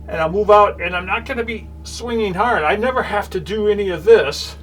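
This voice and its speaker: A man giving a calm, explanatory gong lesson, talking in short phrases between strokes. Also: high-pitched, faint music behind. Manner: calm, explanatory, with many pauses while playing. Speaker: gong teacher. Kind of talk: demonstration lesson.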